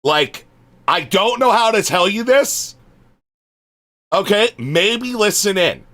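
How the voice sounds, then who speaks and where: Exasperated male streamer, bright lively voice. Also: sits high, slow. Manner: exasperated, swearing, muttering asides. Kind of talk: live-stream chat reading.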